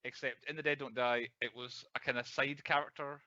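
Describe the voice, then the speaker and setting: A man's voice: mid-range voice, little pitch movement, a little fast, bright, forceful tone, dry recording. A man co-hosting a casual film podcast, chatty and laughing often, stumbling over his words. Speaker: podcast co-host. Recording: slightly dull lo-fi dry sound.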